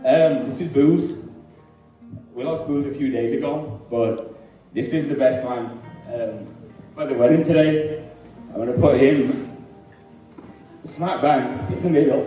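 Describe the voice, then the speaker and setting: A man's voice: mid-range voice, measured pace, long pauses, warm tone. A young man giving a best man's wedding speech, joking, nervous and laughing often. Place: wedding venue hall. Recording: echoey hall from far off, music behind.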